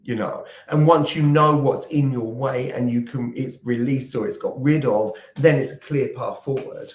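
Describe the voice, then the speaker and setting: A man's voice: mid-range voice, moderate pace. A man co-hosting a casual spiritual livestream chat, affectionately greeting viewers as darling. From England. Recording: echoey room.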